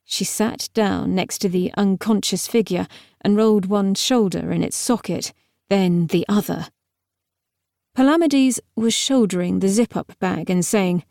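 A woman's voice: medium pitch, a little slow, vocal fry, dark tone, no echo. Woman narrating an audiobook, dry close sound. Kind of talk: scripted narration.

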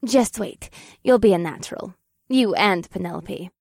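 A woman's voice: medium pitch, measured pace, creaky, darkish tone, no echo. A kindly young witch, voiced by a woman, explains things patiently and laughs easily. Her voice sits in a middle range. The recording is close and dry, with no room sound. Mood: cheerful. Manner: patient, cheerful, laughing often.

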